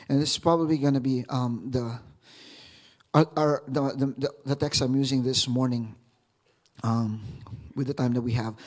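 A man's voice: mid-range voice, steady tone, normal speed, darkish tone. A man pastor preaching a sermon, often stopping to repeat words as he searches for the next thought.

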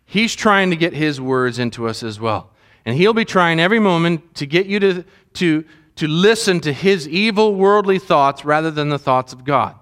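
High-voiced man preaching a conversational sermon. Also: expressive, moderate pace, a bit bright. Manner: earnest, conversational preaching with asides to the audience. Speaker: pastor.

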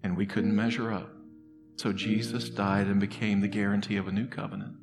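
A man preaching a sermon as a pastor, talking conversationally and earnestly, moving between soft, confiding stretches and loud, emphatic bursts. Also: fairly low pitch, level tone, fairly quick. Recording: long reverb in a hall with music underneath.

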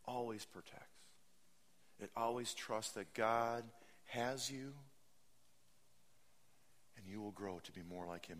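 A man in his thirties preaching a sermon as pastor, animated, jumping into high mocking voices and dropping to soft, earnest lines.

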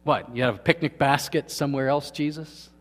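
A man preaching a sermon to his congregation, asking them questions and swinging from quiet to emphatic. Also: medium pitch, steady tone, fairly quick, in a large hall. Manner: asks the congregation questions, swings between soft and loud. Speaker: pastor. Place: church hall.

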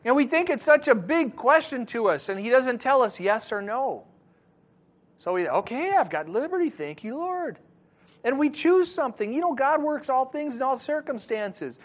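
High-voiced animated male pastor. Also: moderate pace. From Wisconsin, USA. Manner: animated, swings from hushed to loud emphasis. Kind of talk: sermon.

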